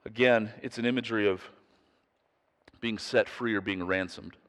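A man's voice: on the low side, fairly even intonation, moderate pace, fairly bright tone, big-room sound. A man preaching a sermon in an earnest, emphatic way, putting pointed questions to his listeners. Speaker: pastor.

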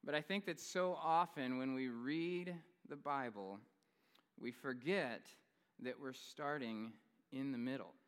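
Young guy pastor preaching, chatty and funny, smooth clear voice, big church reverb. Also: medium pitch, a little slow. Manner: relaxed conversational, humorous storytelling. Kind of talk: sermon. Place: large church hall. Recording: long reverb in a large hall.

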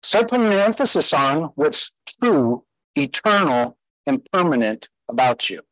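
A man's voice: fairly high pitch, big pitch swings, a little slow, a bit bright, dry recording, low-quality recording. A man preaching a sermon as pastor, emphatic, putting rhetorical questions to his listeners.

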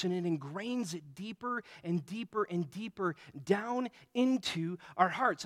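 A man preaching a sermon and telling stories in a lively way, with quick asides. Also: sits high. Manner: animated storytelling with quick asides. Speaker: pastor.

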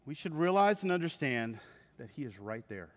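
A man preaching a sermon to his church, with animated storytelling. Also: mid-range voice, moderate pace. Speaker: pastor. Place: church sanctuary. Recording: reverberant hall.

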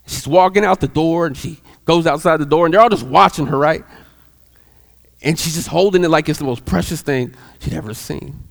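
A man telling a story in a sermon, animated and often repeating words. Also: on the high side, brisk, gravelly, long reverb tail.

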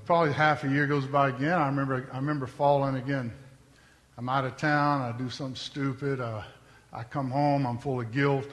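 A man's voice: mid-range voice, in a large hall. A man telling his testimony from the pulpit in an earnest, conversational storytelling manner. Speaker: preacher giving his testimony.

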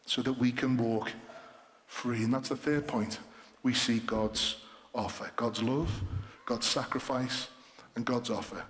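A man preaching a sermon as pastor, emphatic and repetitive, slowing down to stress key words. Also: medium pitch. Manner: emphatic, repeats points, slows for stress. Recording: long hall reverb.

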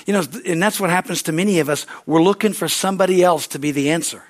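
Fervent male preacher, fairly high voice. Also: fast. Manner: fervent, repetitive, call-and-response. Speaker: pastor. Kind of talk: sermon.

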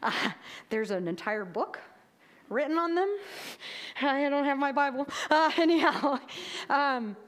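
A woman's voice: high-pitched, animated, a little slow, pauses often, a bit bright. A woman giving a sermon in a chatty, conversational way, often checking in with "right?". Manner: chatty, tags lines with "right?". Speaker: preacher.

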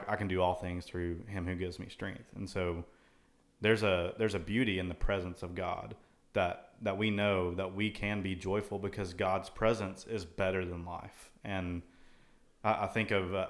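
A man's voice: low-pitched, little pitch movement, moderate pace. A man co-hosting a casual Christian talk show, thoughtfully quoting and explaining scripture at length. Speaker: co-host. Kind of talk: casual Bible discussion.

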